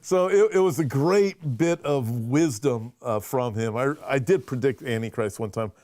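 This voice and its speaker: A man's voice: medium pitch, unhurried, warm tone, no room sound. A man, a pastor, hosting a casual conversational show with lots of restarts as he talks. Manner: conversational, restarts and fillers, reads viewer questions. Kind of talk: casual chat.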